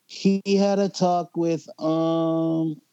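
A man in his forties from Hawaii, a guest artist telling stories in a relaxed, slangy chat. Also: a little high, extremely slow, clean tone, dry recording, muffled recording. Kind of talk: casual chat.

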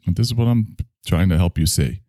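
A man's voice: deep voice, brisk, dark tone, a little hiss or hum. A man hosting a podcast in casual chat, rambling and offhand. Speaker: podcast host.

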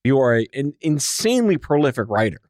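Man, radio host, joking and teasing, mid pitch, dry close mic. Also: very animated, a little fast, darkish tone, no echo. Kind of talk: casual radio interview.

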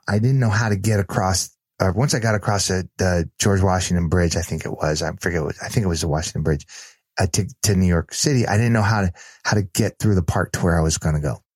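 Podcast guest, man with a lowish voice, earnest animated storyteller, dry close mic. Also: no echo. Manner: earnest, animated retelling with restarts. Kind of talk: storytelling in casual conversation.

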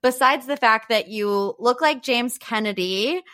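Bright-voiced young woman podcast host. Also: on the high side, unhurried. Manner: teasing, animated, laughs often. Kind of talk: casual chat.

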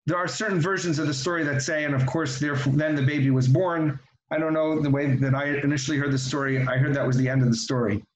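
A man's voice: a little high, steady tone, fast. Earnest man teaching in an echoey room. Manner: earnest, with frequent restarts. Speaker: religious teacher. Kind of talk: reflective religious talk with storytelling.

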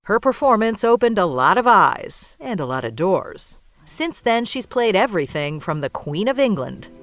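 Lively woman narrating a news feature. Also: medium pitch, moderate pace. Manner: lively storytelling delivery. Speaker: correspondent.

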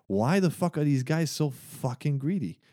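A man's voice: a little high, normal speed. A man, chatting casually among friends. He laughs often, swears, and acts out quotes while telling stories. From Germany. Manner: laughing, swearing, animated storytelling with acted-out quotes. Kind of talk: casual chat.

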